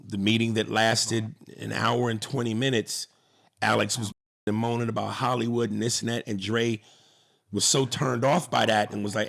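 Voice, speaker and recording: A man hosting a comedy podcast, telling animated stories in casual chat and restarting his sentences often. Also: lowish voice, normal speed, creaky. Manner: animated, storytelling, restarts a lot.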